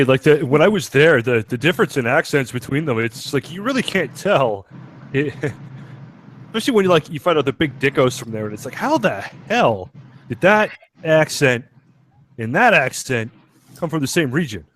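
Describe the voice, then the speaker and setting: A man's voice: fairly high pitch, sing-song, normal speed, a bit bright, a little hiss or hum. A man chatting in a casual group voice chat.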